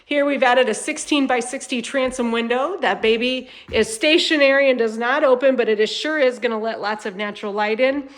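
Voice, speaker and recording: Woman, slightly high voice, bubbly, chatty, home tour vlog. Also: fairly quick, hardly any pauses. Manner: upbeat, chatty, enthusiastic. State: slightly congested from a cold. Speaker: manufactured home salesperson and channel host.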